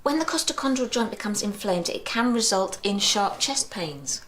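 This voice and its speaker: A woman's voice: medium pitch, very animated, normal speed, fairly bright tone, a little hiss or hum. A woman playing a doctor in a TV drama who explains a medical condition in a clinical way. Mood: explaining. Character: female doctor explaining symptoms. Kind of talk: TV drama acting.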